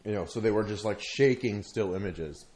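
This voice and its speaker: A man telling a story in casual chat, rambling and halting, with frequent swearing. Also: fairly low pitch, a little mellow.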